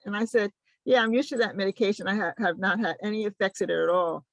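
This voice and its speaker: An older woman on a patient panel, telling a story in a lively way and acting out both sides of a conversation. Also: medium pitch, fast talker, creaky, dry recording, low-quality recording.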